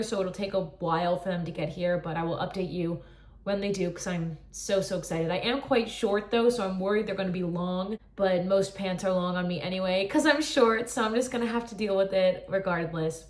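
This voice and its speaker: A young woman in her twenties, chatting casually and gushing emotionally as she reacts to an anime episode, with lots of "like". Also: medium pitch. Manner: gushing, emotional, says "like" often. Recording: roomy echo.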